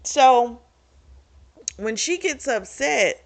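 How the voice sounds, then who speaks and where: A woman's voice: mid-range voice, lively intonation, unhurried, a bit bright. A young woman casually recapping and reviewing a romance novel, chatty and frank, swearing freely and talking straight to her viewers. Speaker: book club vlogger.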